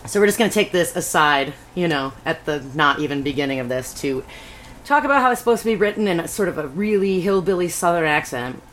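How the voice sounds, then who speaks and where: A woman's voice: low-pitched, animated, quick pace, a little hiss or hum. A woman co-hosting a casual podcast in a laid-back, dry way. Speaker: podcast co-host. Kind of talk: casual chat.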